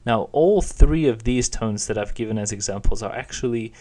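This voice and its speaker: A man's voice: fairly low pitch, normal speed, dark tone. A young man giving a patient, plain spoken lesson, explaining and demonstrating intonation. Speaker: Chinese teacher.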